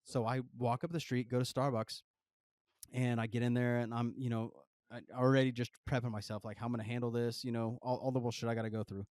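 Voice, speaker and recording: A man's voice: medium pitch, little pitch movement, quick pace, a little mellow, no echo. A man co-hosting a podcast, telling a rambling, profane travel story full of fillers. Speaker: podcast co-host. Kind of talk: casual storytelling.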